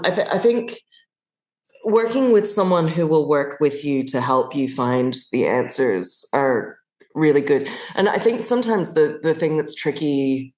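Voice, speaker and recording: A woman from Australia with a low voice talks as a podcast guest, recorded in a roomy, echoey space. She thinks aloud, restarts her phrases and slips into little acted-out examples. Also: darkish tone. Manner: thoughtful, restarts often, acts out examples. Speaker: guest actor. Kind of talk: conversational podcast interview.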